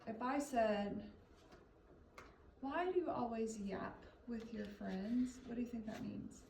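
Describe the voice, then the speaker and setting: Lady tutor walking a kid through reading, patient and encouraging, mellow voice, echoey room, mic a bit far off. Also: a little high, slow, creaky, a little hiss or hum. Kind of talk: one-on-one reading lesson.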